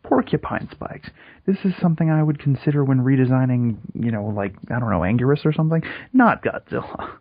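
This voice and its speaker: Male podcast co-host, husky, casual and crude, dull lo-fi recording. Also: medium pitch, fast, hardly any pauses, no room sound. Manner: crude, joking, rambling.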